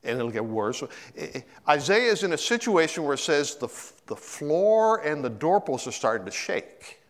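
A man's voice: a little high, moderate pace, long reverb tail. A middle-aged man preaching a sermon as a pastor in a church, acting out quotes and repeating words as he gathers his thoughts. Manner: animated, acts out quotes with sudden voice shifts. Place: church sanctuary.

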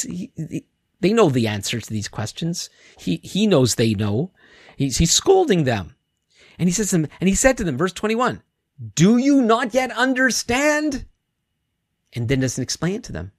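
A man's voice: medium pitch, no echo, studio quality. A male pastor giving a conversational sermon, acting out quotes and often restarting words. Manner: conversational, animated, acts out quotes, repeats words.

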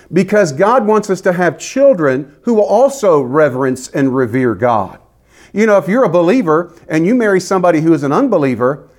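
A male pastor delivers an expository sermon with a fairly high voice. His pitch swings widely as he presses each point with emphatic, animated preaching. He often drops into quoted voices to act out the people in the text.

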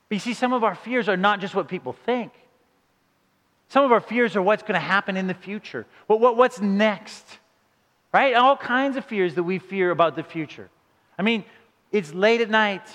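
A man preaching a sermon with dramatic delivery, dropping to hushed low passages and rising into emphatic questions. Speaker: pastor. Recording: long hall reverb.

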